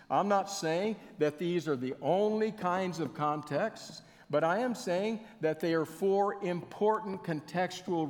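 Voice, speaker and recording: High-voiced pastor in a reverberant hall. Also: male voice. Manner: folksy, storytelling, interactive with congregation. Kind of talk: sermon. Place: church sanctuary. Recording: long church hall reverb.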